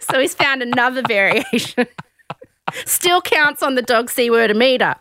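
A woman hosting a casual chat, telling a story in an animated, giggly way. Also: on the high side, unhurried, dry recording, clean studio sound. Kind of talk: casual chat recapping a reality show.

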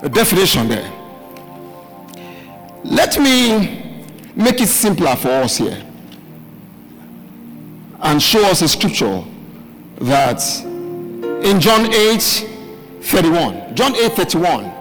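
Preaching man, loud and high-pitched. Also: sing-song, slow pace, pauses often. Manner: preaches in bursts, shouting key words and asking the congregation to answer. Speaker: pastor. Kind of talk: preaching a midweek sermon. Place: church hall with live congregation. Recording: live hall recording, reverb, faint music.

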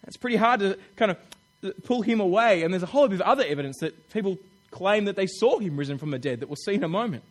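A man preaching a sermon in a chatty, animated way, acting out little quotes with laughs. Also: sits high, fast talker.

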